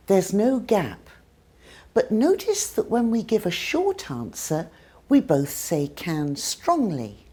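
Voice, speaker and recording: British woman, English teacher, unhurried, clear exaggerated modelling of words. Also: mid-range voice, wildly swooping pitch, dark tone. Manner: careful, exaggerated demonstrations of sounds. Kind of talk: scripted pronunciation lesson.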